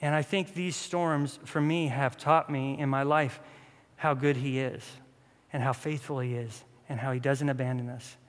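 A man's voice: medium pitch, steady tone, moderate pace. A man in his thirties preaching a casual, humorous sermon, acting out bits of his stories. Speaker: pastor. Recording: long reverb in a hall.

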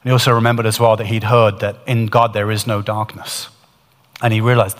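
A man's voice: on the low side, little pitch movement, fairly quick, in a large hall. A man preaching, retelling a testimony in earnest, building storytelling with frequent restarts. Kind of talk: storytelling sermon.

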